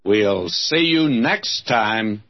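Fervent Southern preacher with husky voice. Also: male voice, lowish voice, lively intonation, drawn-out words, highs cut off. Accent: Southern American. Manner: fervent, exclamatory, addresses listeners as friends. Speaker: radio Bible teacher. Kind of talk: sermon.

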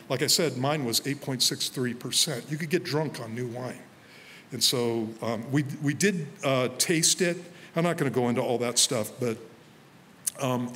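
A man's voice: medium pitch, fairly bright tone, slight background noise. Male pastor preaching in a reverberant hall. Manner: conversational, storytelling with self-quoted asides. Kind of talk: sermon. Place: church sanctuary before a congregation.

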